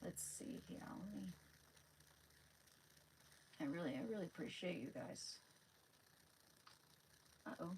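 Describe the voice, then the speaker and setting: A woman's voice: lowish voice, slow, pauses often, a little mellow, a little hiss or hum, low-quality recording. A woman live streaming, chatting casually with viewers in a rambling, hesitant way, often searching for words.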